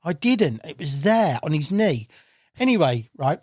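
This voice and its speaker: Animated bloke telling fishing stories. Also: male voice, a little high, measured pace, slightly rough, no room sound, studio quality. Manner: animated, swears freely, acts out quotes. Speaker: guest angler. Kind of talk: casual storytelling chat. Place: podcast studio. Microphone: studio mic.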